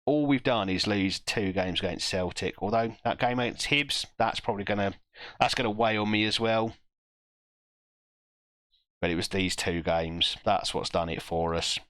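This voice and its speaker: A man streaming a football management game, reacting live with self-mocking groans and quick asides to chat. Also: on the low side, fairly bright tone, dry recording.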